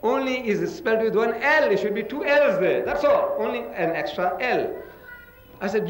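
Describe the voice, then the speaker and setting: A man from India who was raised in South Africa lectures emphatically in a public religious debate, spelling words out letter by letter. His voice is high-pitched with big pitch swings at a moderate pace. The lecture hall gives the recording a roomy echo.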